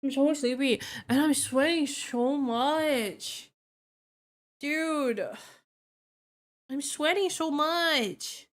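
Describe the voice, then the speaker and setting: Here the same kind of tipsy stream plays out: a young vtuber streamer rambles sleepily through casual drinking chat, cursing frequently. She has a high-pitched voice, drags out her words, and leaves long pauses.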